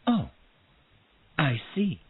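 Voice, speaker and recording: A man's voice: on the high side, huge pitch swings, drawn-out words, husky, no room sound, voice pushed up, full character voice. A man voicing a cool, disdainful young woman with a hard manner in a storybook reading. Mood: cold. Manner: sugary then icy, hard. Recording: tinny phone-like sound.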